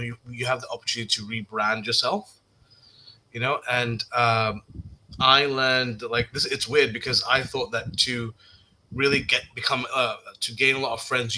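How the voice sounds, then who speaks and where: A young man on a podcast, telling personal stories in a casual chat, halting and self-mocking with many restarts. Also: medium pitch, bright, forceful tone, poor audio. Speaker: podcast guest.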